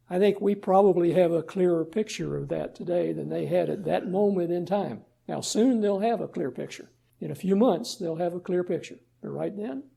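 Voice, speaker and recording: A man's voice: high voice, vocal fry, mellow, husky. A man preaching a sermon as pastor, asking his listeners rhetorical questions and retelling scripture in everyday words. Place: church sanctuary.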